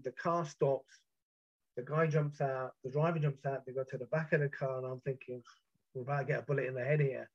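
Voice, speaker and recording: Intense British man, muffled recording. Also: on the high side. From Britain. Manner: intense, halting, with repeated restarts. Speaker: storyteller. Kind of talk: first-person account of a past ordeal.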